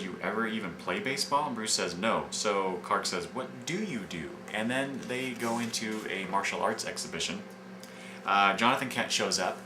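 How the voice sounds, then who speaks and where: A man casually retelling comic book scenes in a review, rambling with many fillers and restarts. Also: sits low. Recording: echoey room with background noise.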